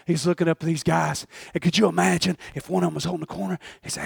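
Fervent male preacher, high and gravelly, with dry close sound. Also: steady tone, fast talker, few pauses, no room sound. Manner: fervent, with sudden shouted bursts. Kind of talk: sermon.

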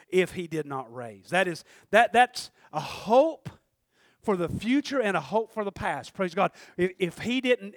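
A man with a high voice preaching a sermon, close and dry with little room sound. He talks loosely and conversationally, laughs often, and acts out the voices of people he quotes. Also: no room sound.

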